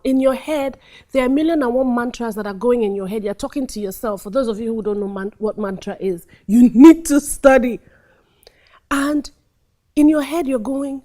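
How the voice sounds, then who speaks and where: A woman acting coach talking through a scene, acting out lines and dropping to hushed tones. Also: on the high side, normal speed. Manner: animated, acts out scenes, drops to hushed tones. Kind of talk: teaching monologue with acted examples.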